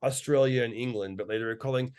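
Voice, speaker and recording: Animated male comedian telling stories. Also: medium pitch, fairly quick, smooth. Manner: animated storyteller, laughs through his words. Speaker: comedian guest. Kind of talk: casual chat.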